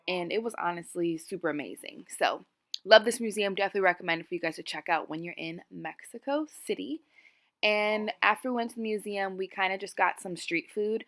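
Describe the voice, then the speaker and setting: A woman's voice: mid-range voice, fairly bright tone. A young woman talking casually in a travel vlog, enthusiastic as she recommends places to eat and things to do. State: out of breath. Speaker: travel vlogger.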